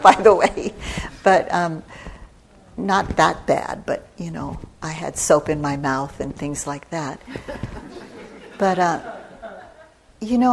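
An older woman giving a gentle, reflective dharma talk as a meditation teacher at a retreat center. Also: sits low, slight background noise.

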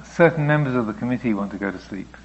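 A man, a Buddhist teacher, answering questions in a reflective, gently explaining way, now and then voicing thoughts aloud. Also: medium pitch, fast talker, highs cut off, a little hiss or hum. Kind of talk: dharma talk Q&A.

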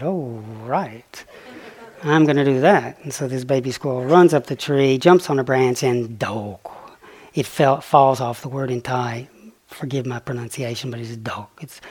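Male dharma teacher, animated storyteller, voice sinks to a soft hush for key lines. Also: medium pitch. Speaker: meditation teacher. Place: meditation retreat hall.

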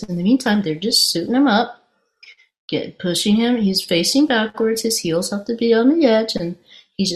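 A woman giving a dharma talk, telling a personal story in a lively way and then turning reflective. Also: a little high, measured pace.

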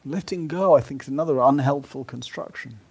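A man giving a gentle, unhurried meditation talk at a retreat, now and then dropping to a soft whisper. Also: medium pitch, gravelly, breathy edge. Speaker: meditation teacher.

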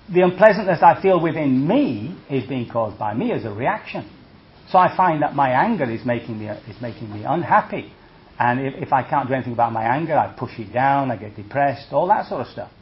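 Animated monk giving a dharma talk. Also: male voice, medium pitch, lo-fi sound, slight background noise. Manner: conversational, checks in with "see?" and "okay?"; lively, acts out reactions with humor. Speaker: Buddhist monk teacher.

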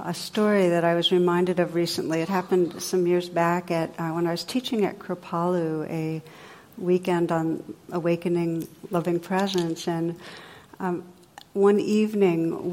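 Gentle low-voiced woman giving a dharma talk. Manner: gentle, conversational storytelling with playful sound effects. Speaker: meditation teacher.

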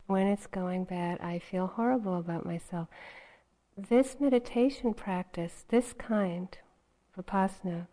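A woman's voice: lowish voice, dark tone, rough recording. A woman meditation teacher giving a dharma talk in a conversational way, often adding "you know" as she goes.

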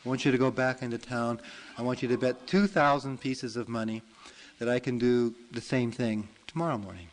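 A man voicing a big, forgiving ox in a told folk tale, speaking calmly and coolly. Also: mid-range voice, fairly quick, lightly acted, low-quality recording. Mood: brisk instructing. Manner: calm, cool, gently reproachful. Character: calm wise male ox, big and forgiving.

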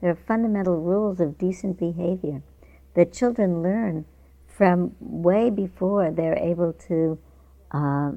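A woman giving a dharma talk as a meditation teacher, speaking in a conversational, unhurried way while reading a news article aloud. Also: fairly low pitch, dark tone, no echo. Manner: conversational and unhurried, with small restarts.

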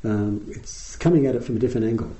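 A middle-aged Australian man giving a dharma talk as a meditation teacher, explaining in an unhurried way with frequent ums. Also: medium pitch, mellow, poor audio.

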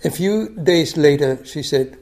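An older meditation teacher gives a dharma talk in a mellow, fairly high voice. His pitch rises and falls a lot as he reads. He speaks slowly, and many phrases fade to a soft whisper. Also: animated, creaky. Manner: soft, unhurried, phrase ends dropping to a whisper. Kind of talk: dharma talk, reading a story aloud.

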